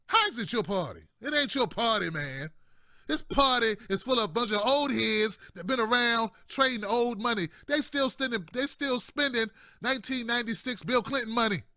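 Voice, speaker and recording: Bright, high-voiced man ranting casually. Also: lively intonation, moderate pace, no echo, clean studio sound. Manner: slangy, repetitive, chatty with frequent laughs. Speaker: political commentary host. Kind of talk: casual political commentary.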